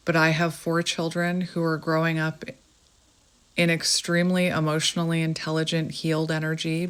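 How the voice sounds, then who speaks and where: Gentle Canadian woman reading tarot. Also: low voice, clear, resonant tone. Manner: gentle, reflective, meandering with fillers. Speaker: tarot reader. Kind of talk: spiritual tarot reading monologue.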